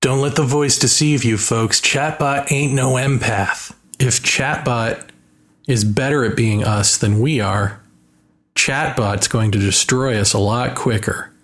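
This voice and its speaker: A man's voice: medium pitch, unhurried, a bit bright. A man talking in a casual monologue, musing and wry, drawing out his points.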